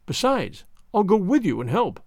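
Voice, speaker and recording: A man's voice: high-pitched, sing-song, moderate pace, creaky, a little mellow, dry recording, clean studio sound, exaggerated voice. A man voicing a frightened young wife, pleading anxiously in a raised voice, in a storybook reading.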